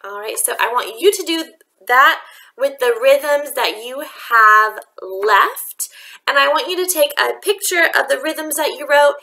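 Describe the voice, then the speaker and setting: A woman's voice: high voice, animated, a little slow, pushed and bright. A woman music teacher giving a remote rhythm lesson to children, patient and sing-song as she demonstrates long and short beats.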